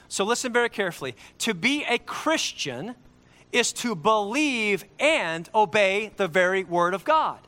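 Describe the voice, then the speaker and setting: A man preaching a sermon, emphatic and repeating key lines slowly for effect. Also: high-pitched, sing-song, sharp tone.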